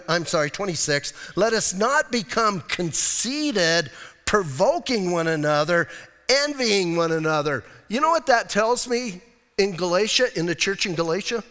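A high-pitched man delivering a sermon, lively and conversational, firing questions at his listeners. His voice rings with a long hall reverb. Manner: animated, conversational preaching with rhetorical questions. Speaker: pastor.

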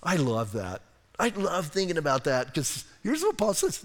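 A male pastor preaching a sermon in a church, humorous and conversational, swinging between soft asides and emphatic points. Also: on the high side, huge pitch swings, slow, vocal fry, in a large hall.

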